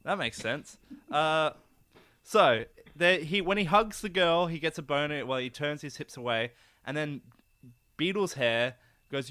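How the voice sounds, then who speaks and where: A young man co-hosting a comedy podcast, talking in an animated, sarcastic, rambling way. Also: on the high side, moderate pace, smooth, no echo, clean studio sound. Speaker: podcast co-host. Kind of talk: casual comedic chat.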